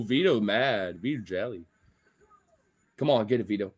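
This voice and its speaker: A man streaming live while playing with his pets, excitable, coaxing and teasing them and swearing a lot. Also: fairly low pitch, moderate pace. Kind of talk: casual live-stream chat.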